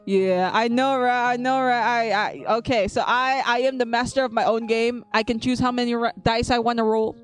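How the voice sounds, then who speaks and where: A woman's voice: a little high, fairly even intonation, moderate pace, few pauses, soft background music. A woman VTuber chatting playfully with her viewers on a live stream, teasing them, repeating herself and laughing often. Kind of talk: live-stream chat with viewers while drawing.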